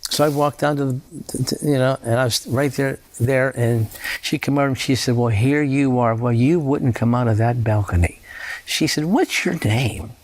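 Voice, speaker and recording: A man's voice: medium pitch, fairly even intonation, moderate pace, a little mellow. A man giving a personal testimony in an interview, telling it as a conversational storyteller who often repeats his words. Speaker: faith healer telling his story as a guest.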